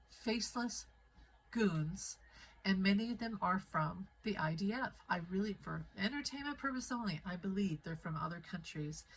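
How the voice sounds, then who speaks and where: A woman's voice: mid-range voice, slight background noise, low-quality recording. A woman vlogging into her phone, rambling and heated in a conspiratorial way. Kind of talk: casual rambling monologue to camera. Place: home in the Midwest of the USA.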